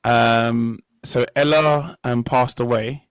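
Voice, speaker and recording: A man's voice: mid-range voice, steady tone, slow, clean tone, dry recording, poor audio. A young man hosting a casual discussion, talking in an earnest, rambling way and often correcting himself mid-sentence. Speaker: podcast host.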